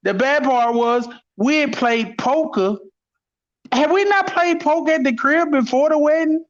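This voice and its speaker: A man hosting a call-in show, telling stories in a profane, animated way and laughing often. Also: very high voice, measured pace, highs cut off. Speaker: host. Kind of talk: casual storytelling chat.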